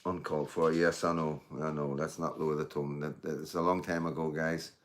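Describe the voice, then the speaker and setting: His voice rumbles low with a flat delivery and a fairly quick pace. The middle-aged streamer chats casually with viewers, rambling, swearing and calling them mate and guys.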